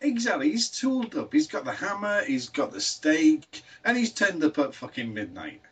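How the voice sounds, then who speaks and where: A man's voice: fairly high pitch, very animated, normal speed, fairly bright tone, slightly rough. A man in a casual film commentary chat, dropping dry, sweary one-liners.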